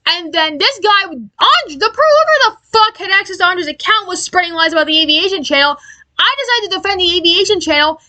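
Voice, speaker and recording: A woman giving an angry, profane commentary rant, exasperated and halting with many restarts. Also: very high voice, lively intonation, sharp tone. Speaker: aviation commentary YouTuber.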